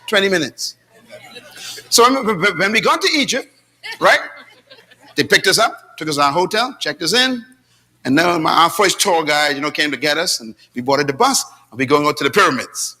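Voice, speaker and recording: Lively bright-voiced preacher man. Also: moderate pace. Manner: dramatic, shifting from shouts to low asides; storytelling with quoted dialogue. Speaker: pastor. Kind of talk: sermon. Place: church with congregation responding.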